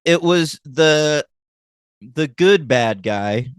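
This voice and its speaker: A man co-hosting a film podcast in a loose, animated way, with a lot of casual swearing and quick laughs. His voice is smooth and resonant, and the recording is close and dry, with no room sound. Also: a little high, no echo. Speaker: podcast co-host. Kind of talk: casual chat.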